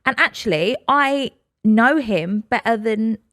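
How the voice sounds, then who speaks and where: A woman's voice: a little high, takes it slowly, no room sound, studio quality. A woman in her thirties, a podcast guest telling stories in casual chat and acting out what others said. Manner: animated storyteller, acts out quotes.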